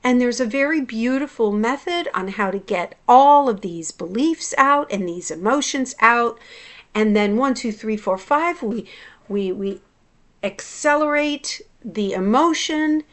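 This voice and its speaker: A woman's voice: fairly high pitch, animated, measured pace. A woman hypnotherapist talking in a casual personal vlog, reflective and confessional, often restarting her sentences.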